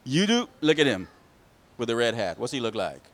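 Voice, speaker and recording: A man telling a picture-book story to children, pausing to ask them questions. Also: mid-range voice. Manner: animated, asks the children questions.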